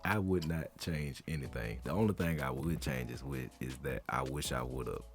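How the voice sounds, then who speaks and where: A young man, chatting casually and telling family stories with deep-voiced quotes. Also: normal speed, soft background music. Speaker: podcast guest, sibling. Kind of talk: casual chat.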